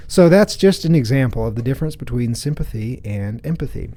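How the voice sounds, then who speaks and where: A man in his thirties hosts a storytelling podcast with a warm, mellow voice at an ordinary pitch. He talks casually, restarting phrases and adding little asides as he goes. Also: animated, a little fast. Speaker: podcast host.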